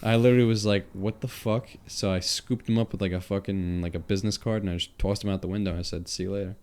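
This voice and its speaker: A young man with a thick Long Island accent sits in for a casual podcast chat. His voice sits on the low side as he spins animated, swear-filled stories. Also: quick pace, clear, resonant tone. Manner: animated, profane storytelling. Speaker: podcast guest.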